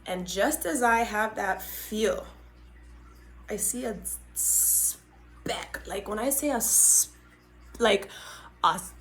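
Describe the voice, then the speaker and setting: A young adult woman hosting a podcast, retelling a story in a dramatic, animated way with frequent asides to her listeners. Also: mid-range voice, takes it slowly, pauses often. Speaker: podcast host. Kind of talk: casual storytelling.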